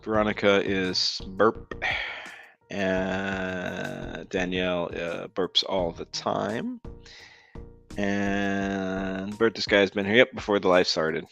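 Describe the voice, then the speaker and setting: A man's voice: low-pitched, level tone, slow, vocal fry, fairly bright tone. A man hosting a casual live stream, rambling with lots of ums while reading viewers' comments aloud. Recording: dull lo-fi sound with faint music.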